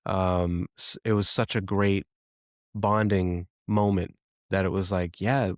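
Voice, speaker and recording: A man in his thirties talks through a personal story as a podcast host, pausing and restarting often as he reflects. His voice sits very low. The sound is dry and close, with no room around it. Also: flat delivery, no echo. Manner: reflective, halting, with frequent restarts.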